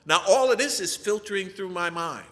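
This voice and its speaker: A man tells a church testimony with a bright, forceful voice pitched a little high. His speech is animated and full of rhetorical questions for the congregation, and it rings out in the long reverb of a big hall. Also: normal speed. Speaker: person giving a testimony.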